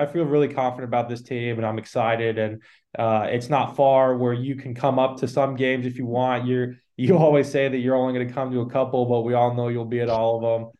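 A man's voice: medium pitch, mellow. A young man, a college football player, talking casually and earnestly with occasional fillers. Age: young adult. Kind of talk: casual conversation.

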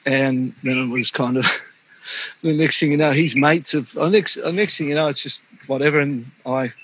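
Middle-aged Aussie man, husky voice, dry and a bit dull sound, easy laughing storyteller. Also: medium pitch, normal speed, fairly bright tone. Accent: Australian. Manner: laughs often, says "mate" a lot. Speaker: interview guest, former pro surfer. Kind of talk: casual storytelling.

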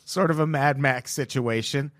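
A man's voice: medium pitch, normal speed, a bit bright, a little hiss or hum. A man co-hosting a podcast in casual comedic chat, dryly amused as he reads news quotes aloud. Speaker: podcast co-host.

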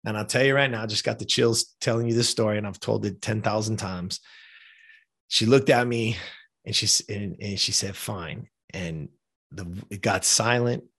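A man's voice: fairly low pitch, steady tone, normal speed, a bit bright. A man in his fifties from the United States, a podcast guest telling an emotional personal story with casual swearing and frequent fillers like "like" and "you know". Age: 50s.

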